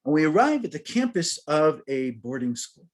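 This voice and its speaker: An American man, a rabbi, giving a storytelling sermon to a congregation with humor and lively questions. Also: on the high side, normal speed. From United States.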